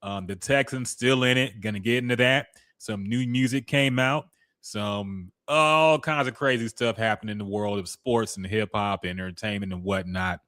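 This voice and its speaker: A man co-hosting a casual sports podcast, relaxed and loose, who swears now and then and sometimes blanks on names. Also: lowish voice, normal speed, no room sound, clean studio sound. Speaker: podcast co-host.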